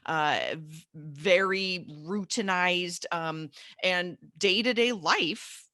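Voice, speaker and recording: A woman psychotherapist talking as a guest in an interview, energetic and emphatic, now and then clearing her throat. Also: fairly low pitch, drawn-out words, dry recording, studio quality. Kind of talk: casual interview chat.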